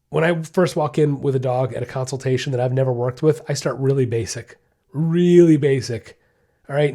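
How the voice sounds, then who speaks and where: A man's voice: mid-range voice, warm tone. Emphatic man with a darker tone. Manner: emphatic, repeats key points, conversational. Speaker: dog trainer and podcast host. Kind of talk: podcast advice answer.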